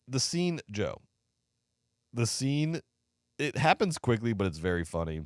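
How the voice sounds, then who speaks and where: Sarcastic low-voiced man reviewing films. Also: normal speed, no echo, studio quality. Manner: animated, acts out quoted lines in funny voices; lots of fillers and restarts, sarcastic. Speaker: podcast co-host, film reviewer. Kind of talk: casual chat.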